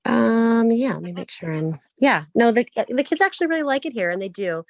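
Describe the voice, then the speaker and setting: A woman chatting on a group voice call, quick and gushing as she talks. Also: a little high, expressive, gravelly, dry recording. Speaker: call guest. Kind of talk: casual group call chat. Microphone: online voice call.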